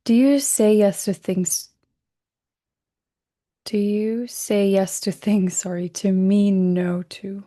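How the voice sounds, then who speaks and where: A woman leads a recorded self-help workshop in a gentle, reflective way, correcting herself mid-sentence and whispering softly on key words. Her voice sits in the mid-range with a steady tone. She speaks slowly and pauses often.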